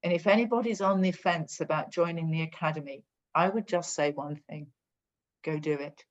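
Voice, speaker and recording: A woman's voice: sits low, moderate pace. A woman giving a heartfelt, effusive testimonial on a group call. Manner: emotional, effusive. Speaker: guest participant. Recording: dull lo-fi call audio.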